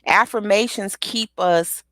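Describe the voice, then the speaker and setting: A woman giving an energetic motivational pep talk, repeating affirmations with rhythmic call-and-response. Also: mid-range voice, slow, dry recording. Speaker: motivational speaker and author.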